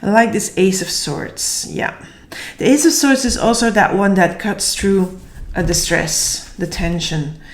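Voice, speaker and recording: A woman giving a casual tarot reading, slightly hoarse and tired, thinking aloud and searching for words. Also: medium pitch, lively intonation, a little slow. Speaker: tarot reader. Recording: echoey room.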